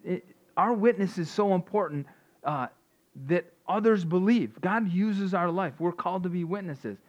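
A man's voice: sits high, normal speed. A man preaching an informal sermon in a conversational way, often repeating and restarting words. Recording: dull lo-fi sound.

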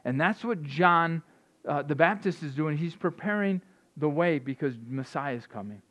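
A man's voice: a little high, lively intonation, normal speed, a bit bright. A man preaching an informal sermon in a conversational way, often repeating and restarting words. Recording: dull lo-fi sound.

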